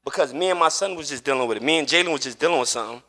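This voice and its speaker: High-voiced man telling an emphatic story. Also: very fast, bright, forceful tone. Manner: emphatic, repetitive, swears oaths. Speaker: streamer. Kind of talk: casual storytelling while gaming.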